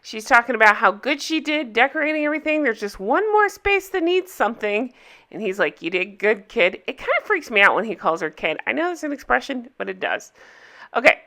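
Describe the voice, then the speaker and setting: A woman hosting a casual recap, chatting in a gossipy, opinionated way with quick asides. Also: a little high, big pitch swings, sharp tone. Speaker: recap host.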